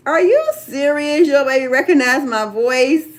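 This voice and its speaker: A woman's voice: sits high, moderate pace. An older woman hosting a casual live chat from home, chatty and drawn out, laughing often. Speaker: livestream host.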